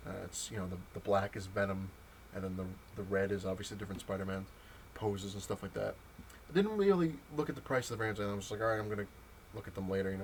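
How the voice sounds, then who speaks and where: A man's voice: fairly low pitch, a little hiss or hum. Exasperated young man ranting about comics. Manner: exasperated, rambling, lots of fillers and restarts. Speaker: comic collector vlogger. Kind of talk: casual ranting monologue.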